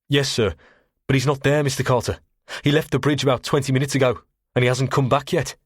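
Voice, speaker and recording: A man voicing a young, anxious junior ship's officer who talks in an apologetic, hurried way, in an audiobook. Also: mid-range voice, fairly even intonation, husky, no room sound, clean studio sound, voice pushed up, lightly acted. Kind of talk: audiobook character voice.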